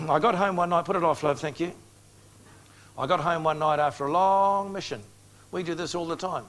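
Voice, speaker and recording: A man's voice: a little high, moderate pace, fairly bright tone. A man in his sixties preaching an evangelistic sermon, speaking directly to his audience and telling stories with acted-out dialogue. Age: 60s. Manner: direct, storytelling, acts out dialogue.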